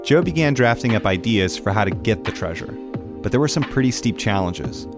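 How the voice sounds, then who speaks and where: A man giving scripted podcast narration in a measured, matter-of-fact way. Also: on the low side, lively intonation, music in the background. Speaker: story narrator.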